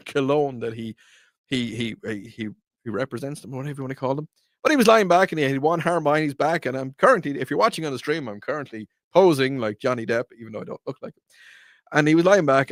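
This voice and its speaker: A man's voice: mid-range voice, fairly bright tone, no room sound, clean studio sound. A man, in his thirties, hosting a show and chatting casually in a rambling storytelling way. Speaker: radio show host. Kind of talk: casual chat.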